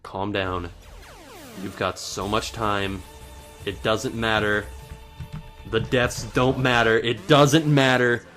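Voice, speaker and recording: A man giving let's play commentary in frantic self-talk, swinging between panic and calming himself down. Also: lowish voice, takes it slowly, long pauses. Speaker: let's player. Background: faint game music.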